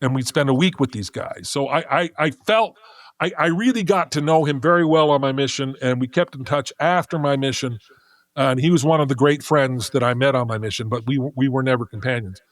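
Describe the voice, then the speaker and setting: A man's voice: mid-range voice, brisk, dry recording. Middle-aged man telling a story dryly. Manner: animated, thinking aloud with frequent restarts. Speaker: podcast guest. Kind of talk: casual conversational storytelling.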